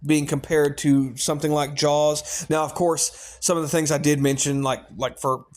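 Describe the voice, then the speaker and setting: A man's voice: fairly high pitch, little pitch movement, moderate pace. A middle-aged man hosting a film review show, talking casually and rambling with lots of fillers and restarts.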